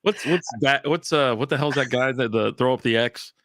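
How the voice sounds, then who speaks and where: A man with a bright, forward voice, chatting loosely and swearing freely as he riffs on football. He drifts into mocking impressions of announcers. The sound is close and dry, with no room around it. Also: mid-range voice, moderate pace, no echo. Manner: loose, profane, mocking asides. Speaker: co-host. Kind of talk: casual chat.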